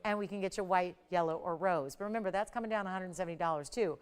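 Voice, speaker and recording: Smooth-voiced woman hosting a jewelry sale. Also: on the low side, fast. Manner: chatty, enthusiastic sales patter with playful price build-ups. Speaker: shopping channel host. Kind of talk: live TV jewelry selling.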